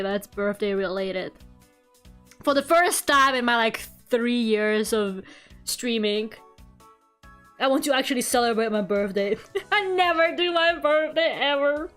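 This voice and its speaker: A woman's voice: mid-range voice, measured pace, a bit bright, clear, resonant tone, faint music behind. A woman streamer chatting casually while she draws, rambling with lots of "like" and frequent giggles. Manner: rambling, heavy use of "like", giggly. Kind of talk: casual chat while drawing.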